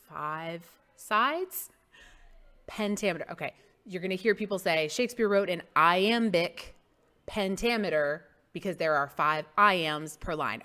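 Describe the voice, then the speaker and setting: A woman's voice: lowish voice, pushed and bright. A woman teaching a casual mini-lesson, playful and emphatic, who exaggerates word stress to make her point. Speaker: English teacher.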